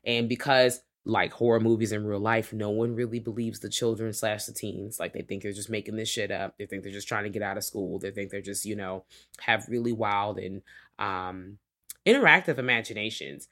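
A man's voice: on the low side, fairly even intonation, normal speed, fairly bright tone. Slangy man co-hosting a film podcast. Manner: loose, slangy and profane, heavy on filler words. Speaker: podcast co-host. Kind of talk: casual film-review chat.

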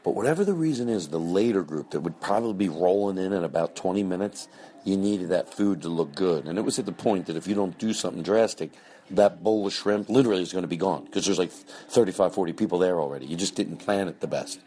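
Casting: a middle-aged male podcast host with a low voice, loose and joking, chatting off the cuff. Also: fast talker, warm tone, slight background noise. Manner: loose and joking, breaks into high mocking voices for bits. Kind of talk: casual rambling monologue.

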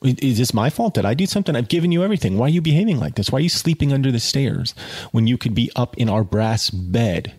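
A man's voice: mid-range voice, expressive, fast, darkish tone, breathy edge, dry recording. A man playing an exasperated husband in a whiny, exaggerated send-up.

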